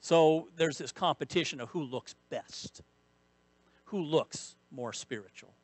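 A man's voice: fairly high pitch, measured pace, darkish tone, no echo. A man preaching a sermon as pastor, bursting into emphasis and repeating key phrases. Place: church sanctuary.

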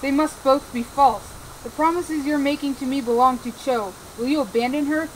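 A woman's voice: high voice, moderate pace, slight background noise, natural voice, poor audio. A woman playing a hurt, indignant young witch who accuses her friends. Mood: accusing.

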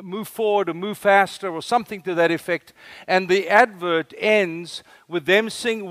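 A man's voice: high voice, fairly bright tone, no echo. A man in his fifties with a South African accent, preaching a sermon as a guest speaker in an earnest, storytelling way. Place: church service.

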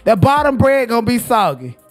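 A man's voice: extremely high pitch, big pitch swings, brisk, soft background music. A man giving crude, mocking comedic commentary as he reacts to a cooking video. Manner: sassy, profane, mocking.

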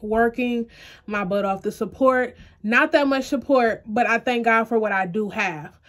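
A young woman speaking earnestly into her camera, her fairly high voice close to tears as she talks directly to her viewers. She leans on faith and keeps herself pushing forward. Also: a little slow, fairly bright tone. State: close to tears, eyes puffy. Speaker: vlogger. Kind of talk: emotional personal vlog to camera.

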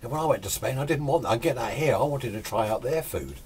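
A man's voice: medium pitch, lively intonation, quick pace, darkish tone, slight background noise. An older man chatting casually and rambling with chuckling asides. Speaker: hobbyist video host. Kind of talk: casual chat.

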